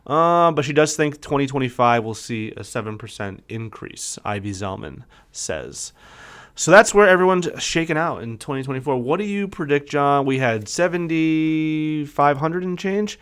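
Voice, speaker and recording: A man's voice: a little high, lively intonation, normal speed, fairly bright tone, clear, resonant tone. A man co-hosting a casual podcast, upbeat as he reads out market forecasts and quizzes his partner. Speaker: podcast co-host, realtor.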